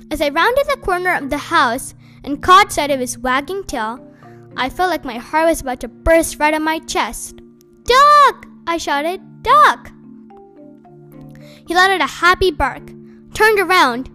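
Woman narrator, storybook reading, high pitch, bright tone. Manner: expressive first-person reading. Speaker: audiobook reader.

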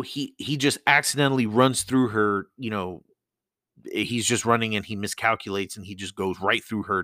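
A man's voice: lowish voice, sharp tone, no echo. A man hosting a casual solo podcast, rambling and swearing as he talks into a close mic. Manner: rambling, profane, laughs often. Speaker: podcast host.

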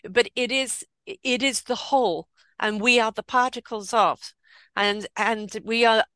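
A woman's voice: on the high side, steady tone, a little slow, a bit bright, no room sound. A woman hosting a casual spiritual conversation over a video call, speaking earnestly and emphatically, often repeating her phrases. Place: home, remote from guest.

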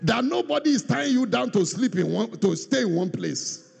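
Gravelly preacher in an echoing hall. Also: male voice, extremely high pitch, moderate pace. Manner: animated, acts out voices, swings between shouts and quiet asides. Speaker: pastor. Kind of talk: sermon. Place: church hall. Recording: long reverb of a large hall.

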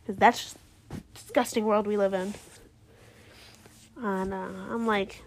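A young woman recapping a TV episode in casual chat, animated and indignant, slipping into quick impressions of the characters. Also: mid-range voice. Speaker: show reviewer.

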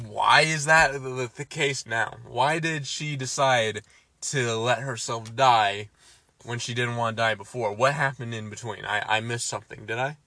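A man's voice: medium pitch, bright, forceful tone, no room sound. A man casually recapping a film, ranting and swearing, exasperated. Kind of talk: casual movie recap chat.

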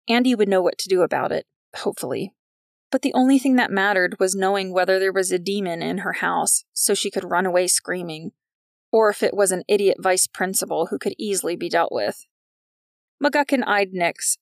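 A woman with a gravelly voice reads a story aloud in a wry narrating style. The recording is dry and close, with no room sound. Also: mid-range voice, no echo. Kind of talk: scripted narration of a fiction podcast.

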